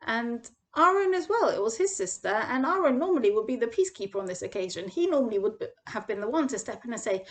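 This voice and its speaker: A woman's voice: fast, hardly any pauses. A young woman, teaching a weekly Torah portion lesson and acting out the quoted voices with big swings. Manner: animated storytelling, acts out quoted voices with big pitch jumps. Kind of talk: expressive parsha lesson.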